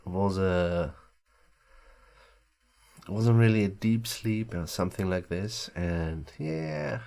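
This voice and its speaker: Groggy from just waking up, a man rambles loosely through a casual gaming stream chat, swearing casually. His voice is low-pitched, slow and warm.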